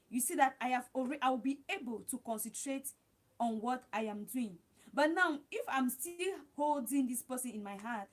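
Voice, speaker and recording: High-voiced woman giving chatty advice. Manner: repetitive, chatty, addresses viewers as guys. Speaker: livestream host. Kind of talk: casual advice talk to live viewers.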